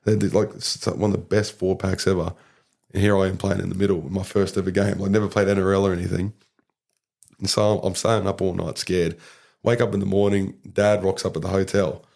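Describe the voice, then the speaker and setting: Young aussie bloke, real low gravelly voice, rambly laid-back storytelling, heaps of "like". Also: male voice, level tone, brisk, darkish tone. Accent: Australian. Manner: rambling, filler-heavy storytelling with lots of "like". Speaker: podcast guest, rugby league player. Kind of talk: casual storytelling chat.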